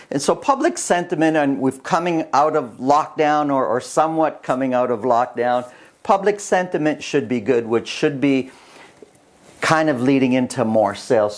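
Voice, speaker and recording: A middle-aged man, a realtor, talking casually to camera through a market report, animated and full of restarts. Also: medium pitch. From Canada. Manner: animated, chuckling storyteller with many restarts.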